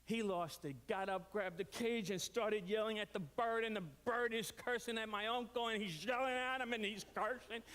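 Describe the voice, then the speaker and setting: A man preaching a storytelling sermon, animated and leaping up in pitch for quoted voices. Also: normal speed, few pauses. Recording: reverberant hall.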